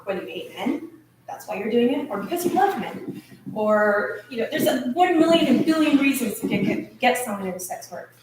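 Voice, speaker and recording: A woman's voice: a little high, background noise. A woman giving an earnest, nervous speech at a meeting, with restarts and little laughs, recorded in a hall from a distance. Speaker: speaker at a meeting. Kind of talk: emotional speech. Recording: echoey room recorded from a distance.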